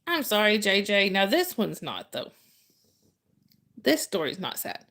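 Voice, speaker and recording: With huge swings in pitch and an unhurried pace, a woman with a medium, somewhat bright voice tells a story on a casual livestream. Chatting with viewers, she laughs a lot and often begins sentences again.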